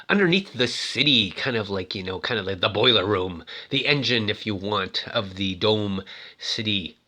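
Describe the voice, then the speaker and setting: A man's voice: on the low side, sharp tone. A man casually retelling a movie in a rambling, joking way, full of fillers. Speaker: narrator.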